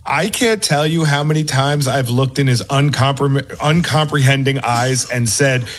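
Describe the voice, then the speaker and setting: A man calling into a sports radio show from home, telling an animated story with stammering restarts. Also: medium pitch, measured pace. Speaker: radio co-host and youth baseball parent. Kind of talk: casual sports radio chat. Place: remote from the studio.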